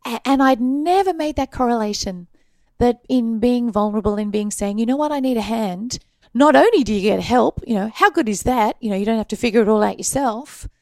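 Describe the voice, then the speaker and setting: An Australian woman guest telling her stories in a casual interview, animated and laughing often. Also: fairly high pitch, a little fast, dry recording. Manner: animated storyteller, laughs often, acts out quoted voices.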